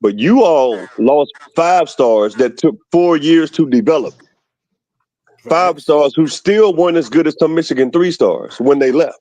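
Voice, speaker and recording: A man from Alabama calling in to a football show, arguing about recruiting in an animated, opinionated way. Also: on the high side, measured pace, dry recording, low-quality recording. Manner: animated, argumentative about team stats. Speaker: caller. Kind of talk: casual call-in chat.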